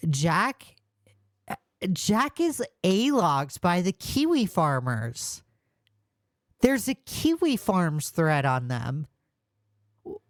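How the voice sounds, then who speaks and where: A woman's voice: on the low side, sing-song, very slow, pauses often, no room sound, studio quality. A woman hosting a casual reaction commentary, sounding exasperated and rambling, often restarting her sentences. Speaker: commentary host.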